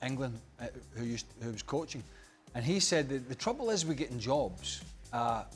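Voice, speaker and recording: A man's voice: medium pitch, lively intonation, normal speed, soft background music. A man on a football panel, rambling through anecdotes and repeating himself. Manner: rambling, repeats and restarts phrases. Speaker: football pundit. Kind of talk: studio panel chat.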